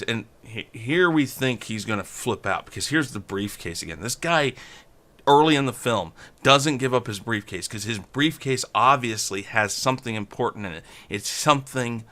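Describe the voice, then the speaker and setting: Gravelly, bright-voiced man recapping a film. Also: mid-range voice, normal speed. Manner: animated retelling of scenes, acting out dialogue. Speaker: movie review co-host. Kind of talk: casual film discussion.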